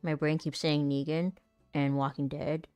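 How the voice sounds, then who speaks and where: A woman's voice: deep voice, little pitch movement, unhurried, a little mellow, smooth, no room sound, soft background music. A woman voice actor chatting casually while she rehearses, rambling, self-deprecating and laughing often. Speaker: voice actor and content creator.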